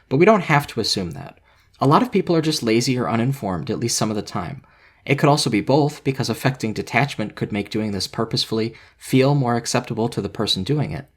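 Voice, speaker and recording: A man narrating a scripted video essay in a measured, analytical way. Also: medium pitch.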